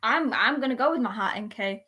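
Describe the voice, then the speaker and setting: A young woman chats on a casual podcast, her voice bright and pitched a little high for a woman. She talks in animated bursts, restarting her sentences and joking along with the others. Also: fairly quick, slightly rough. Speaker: podcast co-host. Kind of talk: casual wrestling podcast chat.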